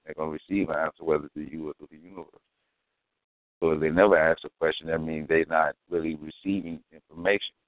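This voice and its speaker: A podcast co-host with a very deep male voice chats casually, telling stories in a slangy, emphatic way. His intonation stays fairly even and he talks quickly. The recording is dry, with a phone-like lo-fi quality.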